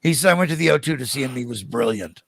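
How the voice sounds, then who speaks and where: Gravelly older man telling stories. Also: medium pitch, quick pace, no room sound. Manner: animated, acts out quoted voices. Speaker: podcast guest. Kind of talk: storytelling in a podcast interview.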